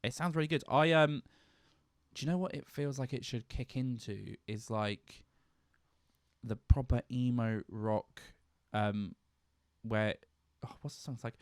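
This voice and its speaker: A man's voice: medium pitch, measured pace, no echo. Male podcast host, mid-range voice, jokey and playful, dry close sound. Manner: playful, jokey, laughs often. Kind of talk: casual chat.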